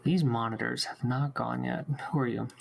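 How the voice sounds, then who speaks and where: A man with a gravelly edge to his voice runs a tabletop game over voice chat. He narrates outcomes and calls for rolls in a relaxed, chatty way, at an ordinary pitch. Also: moderate pace. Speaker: dungeon master.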